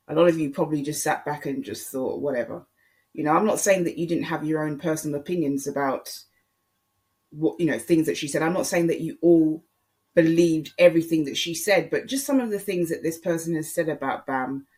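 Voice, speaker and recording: In a casual solo monologue, a YouTube commentator speaks at a middle pitch. His tone is opinionated, and he addresses viewers and fellow creators directly.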